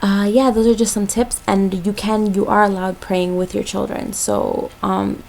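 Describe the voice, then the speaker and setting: A woman's voice: mid-range voice, little pitch movement, measured pace, creaky, a little mellow, low-quality recording. A young woman from Jamaica, a mother, giving parenting tips in a casual, chatty vlog with lots of ums and likes.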